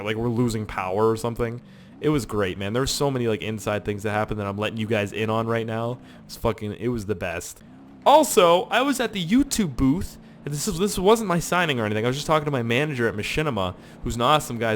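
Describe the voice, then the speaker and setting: Slight background noise sits under this mid-range male voice. He's a Canadian gaming YouTuber, chatting casually and telling rambling, profane stories as he plays.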